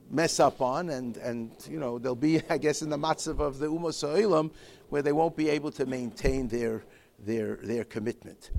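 Gravelly man giving a halting Torah lecture. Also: medium pitch, slight background noise. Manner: halting, with many repeated restarts; mixes Hebrew and Yiddish terms into English. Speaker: rabbi teaching a Torah class.

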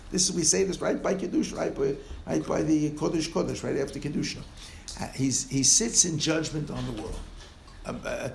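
Animated rabbi, gravelly and echoey. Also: male voice, fairly high pitch. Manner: animated, rising to exclamations and trailing into soft asides, laughing at times. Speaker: rabbi giving a Torah lecture. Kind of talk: Torah lecture. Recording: echoey room with faint noise.

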